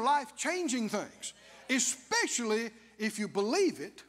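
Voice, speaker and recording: A pastor preaching a lively sermon, mimicking whiny prayers and laughing along with the congregation. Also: male voice, very high-pitched, a little slow, in a large hall. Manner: animated preaching, acts out whining prayers, laughs often. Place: church sanctuary.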